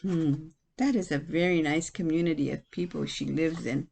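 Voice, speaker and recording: A woman's voice: sits low, fairly even intonation, normal speed, vocal fry, a little mellow, a little hiss or hum. A woman teacher reading a picture book aloud to children. She stops often to ask her listeners questions.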